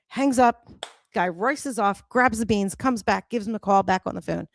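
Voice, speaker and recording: A woman coach hosting a talk show, telling a story in a direct, lively way. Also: medium pitch, moderate pace, gravelly, no room sound. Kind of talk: casual chat.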